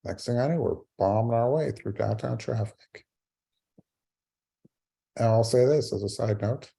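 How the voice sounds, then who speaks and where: This middle-aged man delivers his keynote by video call, sharing a personal story laced with wry, self-deprecating humor. His medium-pitched voice is unhurried and dark-toned, with vocal fry and a slight roughness.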